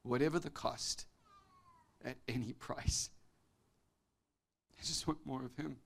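A man preaching a sermon as pastor, animated, swinging between loud exclamations and soft confiding tones, often laughing between phrases. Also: medium pitch, takes it slowly, creaky, slightly rough.

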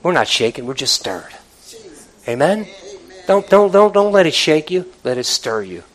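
Guy preaching a sermon, kinda high voice, talks to the church like a chat, acts out the quotes. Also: moderate pace, low-quality recording. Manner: animated, conversational preaching with quoted voices and rhetorical questions.

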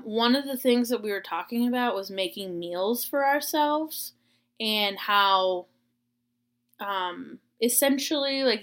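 A woman's voice: medium pitch, fairly bright tone. A woman in her twenties from Florida, a teacher, telling a rambling personal story in a casual vlog. She is chatty and self-deprecating, with plenty of "uh" and "um".

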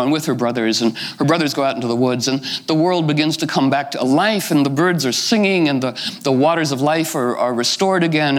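A man's voice: fairly high pitch, a bit bright, rough recording. A middle-aged man retelling a fairy tale informally, rambling with asides and many "you know" fillers. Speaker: storyteller.

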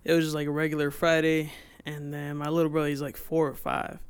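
A young man in a casual podcast chat, telling a profane, animated story about himself. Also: fairly high pitch, fairly quick, smooth. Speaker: podcast guest.

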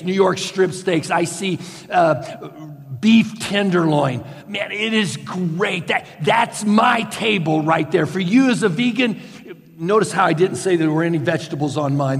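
A man preaching a sermon as a slow, guided story, swinging from loud bursts to hushed near-whispers. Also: fairly high pitch, gravelly, in a large hall. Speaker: pastor.

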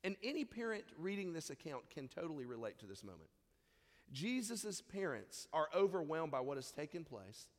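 A man's voice: a little high, big pitch swings, moderate pace, in a large hall. A man preaching a sermon in a conversational way, reading scripture and briefly acting out the people in the story. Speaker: pastor.

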